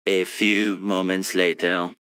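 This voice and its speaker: A text-to-speech voice playing a deep, solemn male narrator who announces time skips in a slow, announcing manner. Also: little pitch movement, fairly bright tone, clean tone, no room sound, studio quality.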